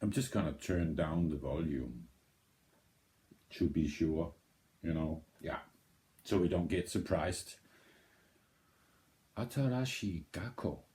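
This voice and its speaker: Slow, deep-voiced Danish man. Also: warm tone. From Denmark. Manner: rambling, thinks aloud with many restarts. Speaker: reaction video host. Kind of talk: casual reaction commentary.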